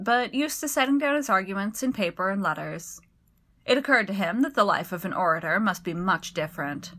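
A woman reads a story aloud in an even, clear storytelling manner. Her voice is bright and forward, with a middle pitch. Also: fairly quick. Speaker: narrator. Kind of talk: storybook narration.

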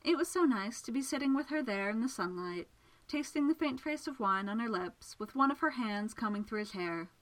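A woman's voice: on the high side, animated, brisk, low-quality recording. Woman reading a story aloud. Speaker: narrator.

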